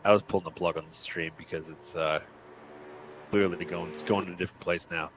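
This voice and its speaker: A man's voice: low-pitched, steady tone, a little fast. A man hosting an online racing stream, bantering casually with his co-commentator. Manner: laughs often, bantering. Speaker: sim racing stream host. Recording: noisy stream audio.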